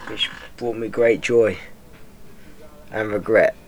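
A young man with a lowish voice, talking off the cuff in a dry, self-deprecating way. He hosts a casual podcast and swears without apology. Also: slow, slight background noise. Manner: deadpan, self-mocking, swears freely. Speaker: podcast host. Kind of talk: rambling comic monologue.

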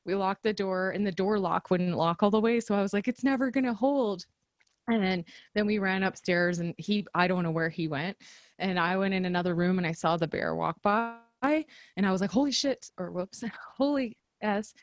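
A woman's voice: lowish voice, steady tone, a little fast, no room sound, dull audio. A woman co-hosting a podcast, telling a story in casual chat and laughing often. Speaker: podcast co-host.

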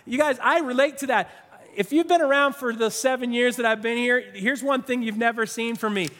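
A man's voice: very high voice, a little fast, a bit bright. A male pastor preaching a sermon with passion, stressing and repeating his words. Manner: impassioned, emphatic, repeats phrases. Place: church sanctuary. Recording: long reverb of a large hall.

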